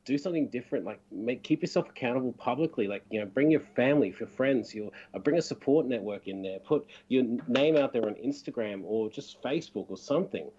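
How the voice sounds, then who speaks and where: A man's voice: mid-range voice, lively intonation, fairly quick, hardly any pauses, dark tone, breathy edge, lo-fi sound. A man co-hosting a casual live podcast, talking earnestly and encouragingly, with lots of "like" and "you know". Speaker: podcast co-host, vlogger.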